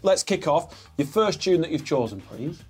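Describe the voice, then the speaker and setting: Man, interviewer, playful, teasing, husky, lively pitch. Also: normal speed, faint music behind. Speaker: podcast interviewer. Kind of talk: casual chat.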